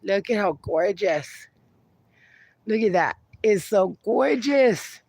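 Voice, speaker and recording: A woman's voice: mid-range voice, expressive, gravelly, a little mellow, no echo. A middle-aged woman hosting a casual livestream outdoors in her backyard, talking affectionately and reading viewers' comments aloud on a phone. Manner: slow, affectionate, reads chat comments aloud. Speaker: livestream host.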